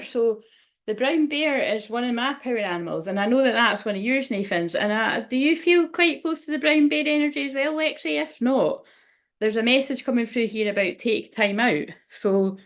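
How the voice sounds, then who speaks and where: A woman reading oracle cards on a casual livestream, chatty and rambling, often exclaiming and laughing at herself. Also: on the high side. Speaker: tarot and oracle card reader hosting a livestream.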